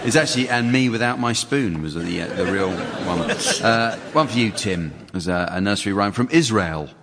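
Comedy quiz host, male, lowish voice, deadpan readings, live hall with audience murmur. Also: normal speed. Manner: dry, mock-serious delivery, chuckles at his own jokes. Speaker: panel game host. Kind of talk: comedy quiz hosting, reading rhymes aloud. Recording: audience hall recording, crowd noise.

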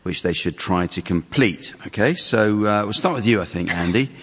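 Comedy quiz host, male, lowish voice, deadpan readings, live hall with audience murmur. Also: normal speed, breathy edge. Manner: dry, mock-serious delivery, chuckles at his own jokes. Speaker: panel game host. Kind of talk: comedy quiz hosting, reading rhymes aloud. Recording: audience hall recording, crowd noise.

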